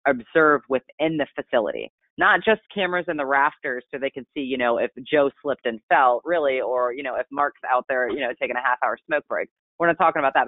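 Guy doing a product training call, talks fast and kinda flat, phone-line sound, no room echo. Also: medium pitch. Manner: chatty, rambling, self-described monotone. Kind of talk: casual webinar presentation. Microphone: conference call line. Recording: tinny phone line, dry.

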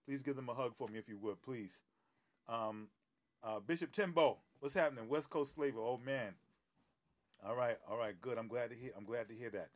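A middle-aged pastor with a mid-range voice and moderate pace chats casually on a phone live stream before a Bible teaching. He greets viewers by name, uses lots of fillers, and laughs easily.

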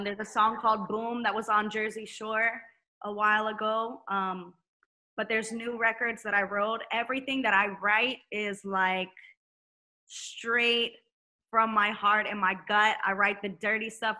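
A woman's voice: medium pitch, bright, forceful tone. A woman, a singer-songwriter guest on a podcast, speaking candidly and animatedly and swearing freely in casual chat.

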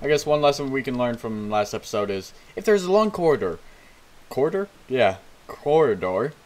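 A man's voice: medium pitch, very animated, fast, rough recording. A man hosting a let's play of a horror game, with jittery, profane, self-mocking commentary. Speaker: gaming video host.

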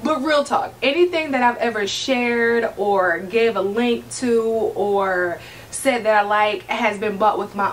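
A woman's voice: fairly high pitch, a bit bright, recorded from a distance, a little hiss or hum, low-quality recording. A woman, chatting casually to camera as a vlogger, sassy and laughing often.

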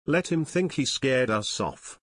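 A man reading an audiobook, voicing a calm, level-headed teenage boy detective who explains things in a low, even voice. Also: measured pace, no room sound. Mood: hushed. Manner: level, explaining, sometimes hushed.

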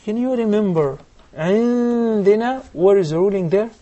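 A man teaching recitation rules on a TV lesson, explaining step by step and chanting verses slowly. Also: high voice, lively intonation, warm tone. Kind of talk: televised recitation lesson with live callers.

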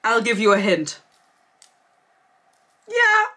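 Young woman in her twenties, book reviewer, sarcastic and giggly, bright tone. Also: mid-range voice, moderate pace. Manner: sarcastic, laughing, reads excerpts aloud. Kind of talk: casual book review vlog.

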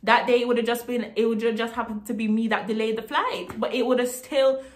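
Young woman on a storytime vlog, high-pitched, fired-up and indignant, swears often, roomy echo on the track. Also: a little fast. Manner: indignant, animated, swears freely. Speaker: vlogger telling a story. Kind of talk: casual storytime monologue.

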